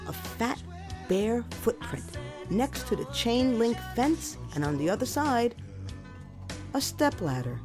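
A woman's voice: a little high, slow pace. Woman telling her own story, wry and dramatic, voice jumps all over, bit of music underneath. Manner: expressive, wry, dramatic emphasis. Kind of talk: first-person storytelling.

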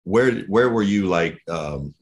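A low-pitched man hosts a relaxed podcast chat. He asks short, friendly questions and keeps the talk moving. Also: slow. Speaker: podcast host. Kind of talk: casual interview.

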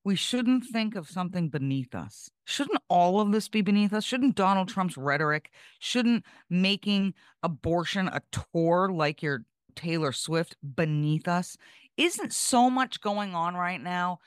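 A woman's voice: lowish voice, animated, unhurried, clean tone, no echo, studio quality. A woman on a political panel who argues with impassioned rhetorical questions. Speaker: political commentator.

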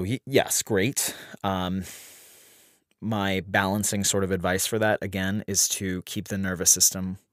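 A man with a very low voice talks loosely on his podcast, restarting sentences and jumping up in pitch when he wants to stress a point. The sound is dry and close, with no room echo. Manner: rambling, many restarts. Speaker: podcast host. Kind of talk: casual astrology talk.

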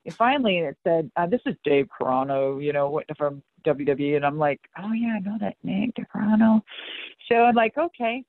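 Middle-aged woman, animated storyteller who swears freely and acts out dialogue, on a thin, dry phone-quality line. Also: lowish voice, no room sound. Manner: animated and profane, acting out both sides of conversations. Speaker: interview guest, monster truck driver. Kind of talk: casual storytelling in an interview.

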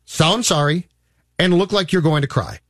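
A man's voice: a little high, normal speed, a bit bright, no echo, studio quality. A man co-hosting sports talk radio, ranting in an exasperated, emphatic way.

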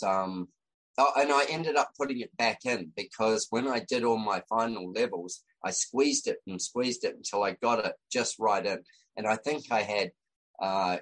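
A man's voice: lowish voice, fairly bright tone, poor audio. An Australian man, a designer and podcast guest, telling a story in casual chat with lots of fillers and restarts.

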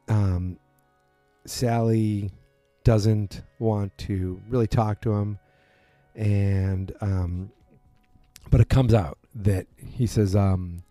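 Man, rambling recap chat, dark mellow voice, low pitch, dry close sound. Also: no echo. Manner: rambling, loose, many fillers, acts out quotes. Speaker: podcast host recapping a TV drama.

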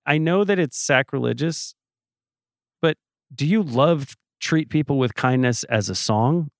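A man's voice: on the high side, expressive, a little slow, no room sound, clean studio sound. A man co-hosting a podcast, talking through songs in an easygoing, thoughtful way and asking questions. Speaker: podcast co-host. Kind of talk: casual music discussion.

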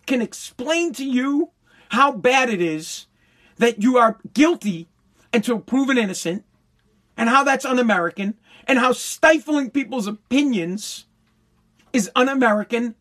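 A man's voice: very high-pitched, sharp tone. Heated, profane man ranting on a podcast. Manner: heated, repetitive, profane, stumbling restarts. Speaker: podcast host. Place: home basement.

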